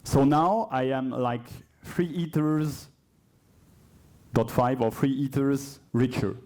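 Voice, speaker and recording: French-accented man giving a mellow tech talk. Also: medium pitch, slow pace. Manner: hesitant, self-correcting, chatty asides. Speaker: conference speaker. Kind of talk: live coding talk. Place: conference hall.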